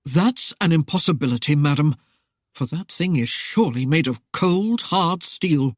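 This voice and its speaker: A woman's voice: low-pitched, lively intonation, normal speed, no echo, studio quality. A woman voicing a proud young sea captain who speaks stiffly and indignantly in an argument.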